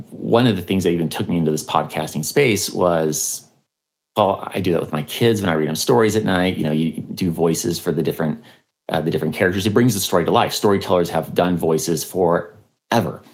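Deep-voiced man telling a story haltingly. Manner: hesitant, many fillers and restarts. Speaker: historian and podcaster, interview guest. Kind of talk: conversational interview storytelling.

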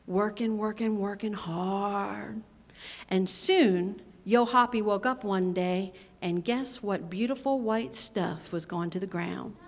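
A woman telling a fable to a live audience of children in an animated, rhythmic way. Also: medium pitch. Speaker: storyteller. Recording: live hall with long reverb.

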